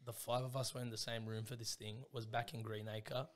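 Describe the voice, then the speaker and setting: A man's voice: mid-range voice, little pitch movement, a little fast. A young man co-hosting a podcast, leading the casual chat and teasing his friends. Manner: teasing, leads the conversation. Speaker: podcast co-host.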